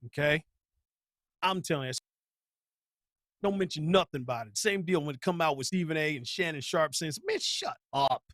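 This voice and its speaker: A man's voice: on the high side, normal speed, pauses often, fairly bright tone, dry recording, clean studio sound. A man hosting a live stream, ranting bluntly about sports with heavy slang and repetition. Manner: heated, blunt, slangy, repeats himself. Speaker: channel host.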